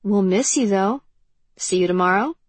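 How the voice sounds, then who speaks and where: A woman narrator voicing a brash young man who speaks in an offhand, slangy way, with a slightly husky voice. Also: medium pitch, normal speed, no room sound, natural voice.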